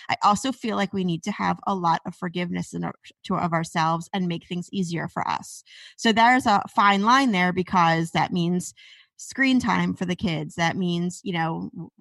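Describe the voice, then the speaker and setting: A woman's voice: lowish voice, creaky, fairly bright tone, dry recording. A woman hosting a podcast, chatting candidly and with self-deprecating humor. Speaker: podcast host. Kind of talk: casual podcast chat.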